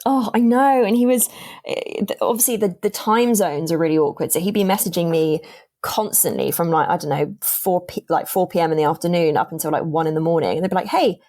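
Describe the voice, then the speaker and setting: On a podcast, a young woman chats casually about a dating experience, acting out each person's dialogue with animation. She has a lowish voice and talks fairly fast.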